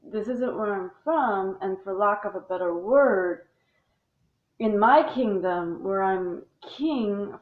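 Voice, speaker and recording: A woman speaking in a long rambling monologue, blunt and profane and full of restarts. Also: medium pitch. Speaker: speaker on religion. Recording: tinny phone-like sound in an echoey room.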